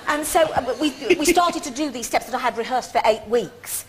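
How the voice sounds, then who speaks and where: A woman's voice: sits high, normal speed, a little hiss or hum. A woman in her fifties, a guest on a chat show, telling self-mocking stories and laughing often.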